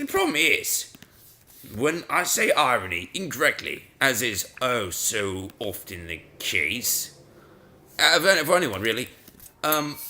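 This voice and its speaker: A man's voice: medium pitch, pushed and bright. A man hosting a casual let's-play video, rambling and self-mocking as he stammers and repeats his words. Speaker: gaming video host.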